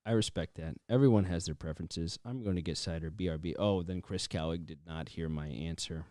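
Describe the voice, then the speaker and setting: A man's voice: sits low, fairly quick, warm tone, dry recording, clean studio sound. A man co-hosting a casual livestream, joking and bantering with viewers.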